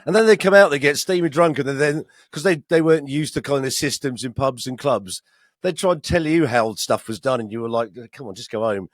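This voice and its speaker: A man's voice: on the high side, a little fast, dry recording, clean studio sound. A man co-hosting a podcast, telling rambling stories with frequent laughs and restarts. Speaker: podcast co-host. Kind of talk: casual banter.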